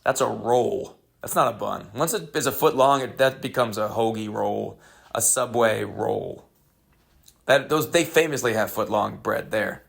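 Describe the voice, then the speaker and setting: A man hosting a comedy podcast, telling a rambling, deadpan story with crude jokes in a casual monologue. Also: on the low side, measured pace, gravelly.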